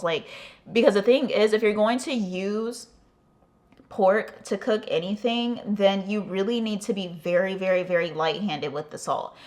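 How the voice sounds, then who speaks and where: An American woman with a mid-range voice, chatting through a storytime vlog. She talks loosely and profanely, leaning on fillers as she tells it. Her retellings stay lively throughout. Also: medium pitch. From United States. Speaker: vlogger. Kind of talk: casual storytime.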